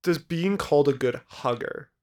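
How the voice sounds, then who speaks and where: A man's voice: a little high, normal speed, darkish tone, dry recording, clean studio sound. A young man co-hosting a podcast, telling rambling stories in casual chat and swearing often. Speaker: podcast co-host.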